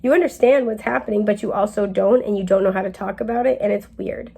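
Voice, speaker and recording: Giggly chatty young woman with gravelly fry. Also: mid-range voice, fast, mellow. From New England. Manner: chatty, giggly, rambling with many fillers. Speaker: tarot reader. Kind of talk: casual spiritual reading.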